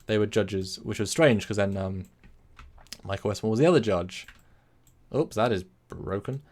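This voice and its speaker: At a normal speed, a man with a lowish, darkish voice hosts an informal live stream. His talk drifts and self-corrects, and he reads chat messages aloud as he replies to them.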